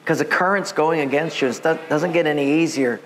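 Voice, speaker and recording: A man from Hawaii, a pastor, preaching with lively storytelling and acted-out voices. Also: a little high, brisk. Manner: animated, acts out voices, laughs at himself. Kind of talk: sermon with storytelling. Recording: long church reverb, faint background noise.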